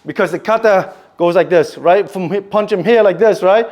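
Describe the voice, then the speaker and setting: A man's voice: sits high, normal speed, darkish tone. A male martial arts instructor demonstrating kata applications, punctuating moves with strike noises and frequent "okay?" check-ins.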